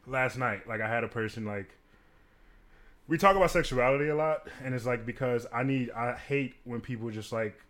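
A man and bartender telling stories in a casual chat, animated and profane, acting out what others said. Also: medium pitch, normal speed. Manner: animated, profane, acts out quotes with big swings. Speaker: podcast co-host and bartender.

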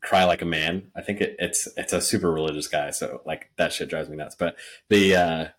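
A man with a very deep, low voice chats casually on a podcast. His speech is loose and full of "like," with an occasional curse thrown in. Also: fairly even intonation, normal speed, fairly bright tone. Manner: casual, heavy use of "like," some swearing. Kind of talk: casual chat.

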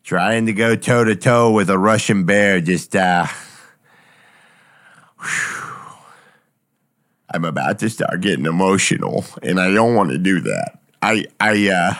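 A man's voice: low voice, fairly bright tone. Man playing a rambling drunk guy. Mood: maudlin. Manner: rambling, slurred, halting. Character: drunk sentimental male co-host.

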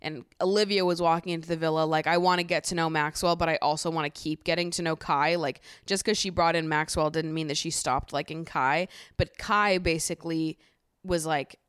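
A young woman with a fairly low, smooth voice recaps a reality show like she's gossiping with a friend. She's sarcastic and animated, swears freely, and jumps into mocking impressions of the people she's talking about. The sound is close and dry. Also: a little fast, dry recording. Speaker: podcast host.

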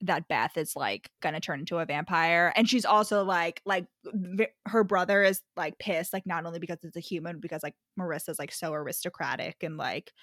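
A woman's voice: fairly low pitch, a little fast, hardly any pauses, no room sound, clean studio sound. A young woman co-hosting a podcast, retelling a novel in casual chat, full of "like" fillers and acted-out quotes. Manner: animated retelling with many "like" fillers. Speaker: podcast co-host. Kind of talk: casual book-club chat.

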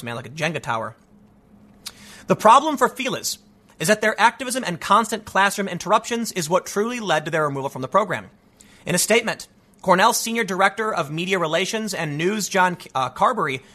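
A man's voice: high-pitched, bright, forceful tone. A man hosting an opinionated news commentary show, reading stories aloud and mocking them with sarcastic, rambling asides.

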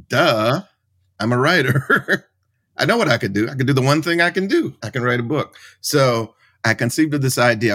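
A middle-aged man, a writer and professor, answering as a podcast guest in an animated storytelling way. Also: on the low side. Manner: animated storyteller, acts out quoted voices.

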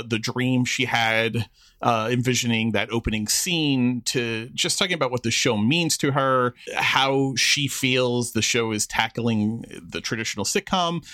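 A man co-hosting a podcast in a casual, rambling chat. His voice is bright and forward, and he fills his thoughts with restarts and fillers. The sound is dry and close. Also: mid-range voice, no room sound. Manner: conversational, chatty with frequent fillers and restarts. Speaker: podcast co-host.

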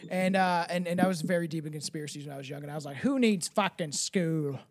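A man's voice: on the high side, steady tone, rapid-fire. A man hosting a casual podcast, rambling and swearing freely, laughing often between thoughts. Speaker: podcast host.

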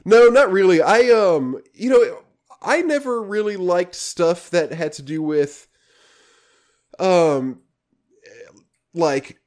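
Male podcast co-host, slightly higher pitch, hesitant casual chat. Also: expressive, takes it slowly, long pauses. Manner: hesitant, trails off quietly.

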